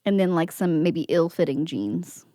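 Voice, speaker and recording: A woman's voice: on the low side, lively intonation, moderate pace, mellow, no echo. Giggly woman podcaster, dry close sound. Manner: giggly, chatty, says "like" often. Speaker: podcast co-host. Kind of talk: casual chat and reading stories aloud.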